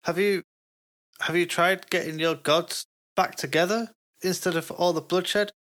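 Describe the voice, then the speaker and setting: A tabletop game player who keeps pressing with questions. The voice sits at an ordinary middle pitch, and the manner is persistent and reasoning. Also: fairly even intonation, a little slow, fairly bright tone.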